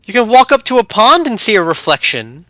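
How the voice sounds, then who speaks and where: A woman guest in a casual gaming chat, talking in an animated, sarcastic way. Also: on the high side, a little fast.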